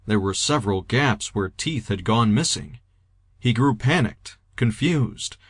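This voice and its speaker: A man reading a novel aloud in a steady, even audiobook narration. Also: medium pitch, measured pace, breathy edge, no echo, studio quality. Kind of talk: scripted narration.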